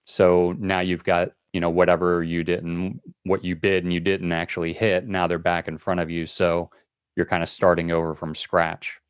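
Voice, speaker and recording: Very low, smooth-voiced man. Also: level tone, normal speed, no room sound, studio quality. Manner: rambling explanations with many fillers and restarts. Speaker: board game show host. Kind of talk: casual call-in show chat explaining a game.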